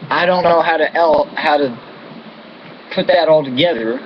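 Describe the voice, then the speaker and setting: Speaking to camera at a moderate pace, this American vlogger's voice sits on the high side as he delivers a profane, angry political rant full of insults and contempt. Air-conditioning hum runs under the dull, lo-fi audio.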